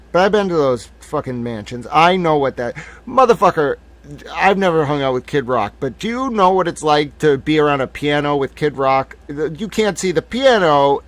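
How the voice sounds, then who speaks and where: A man in his thirties hosting a live stream, ranting in a heated, profane way. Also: a little high. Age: 30s. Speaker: livestream host.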